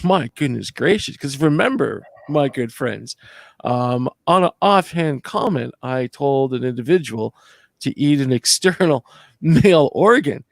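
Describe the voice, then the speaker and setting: Stammering gravelly man in casual chat. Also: medium pitch, animated, unhurried, no echo. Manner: stammering restarts, mock-indignant. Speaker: co-host.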